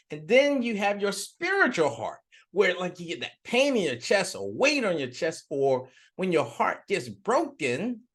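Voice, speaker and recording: A man giving a casual self-help lesson as an animated storyteller with punchy exclamations. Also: a little high. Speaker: spiritual self-help teacher.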